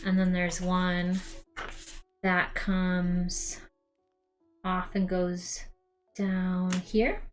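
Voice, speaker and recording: A woman's voice: on the low side, level tone, drawn-out words, pauses often, faint music behind. A young woman hosting a casual cosplay crafting stream, talking straight to her viewers with plenty of ums as she works. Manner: chatty, talks to viewers as "you guys", many ums. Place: home craft room.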